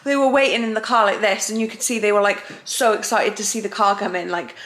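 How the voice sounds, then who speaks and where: A woman's voice: mid-range voice, fairly even intonation, fast, fairly bright tone. A young pregnant woman chatting casually at home for a vlog, talkative and emotional, often giggling. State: heavily pregnant. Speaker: vlogger.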